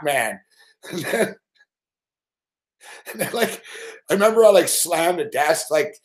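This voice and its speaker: A man hosting a live late-night sports betting show, telling stories in a profane, animated way with mock shouted outbursts. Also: a little high, normal speed.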